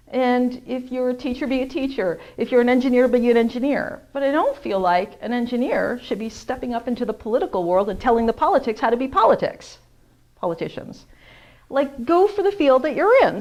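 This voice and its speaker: A woman, a teacher, talking through her opinions in a thoughtful, measured casual monologue with restarts. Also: high-pitched, animated, a little mellow. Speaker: vlogger sharing opinions.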